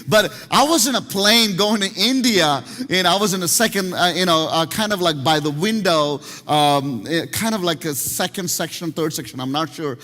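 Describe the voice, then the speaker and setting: A man preaching a sermon as pastor, telling stories in an animated way and often restarting his sentences. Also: high voice, normal speed, hardly any pauses. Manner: animated storytelling with many restarts. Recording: long hall reverb.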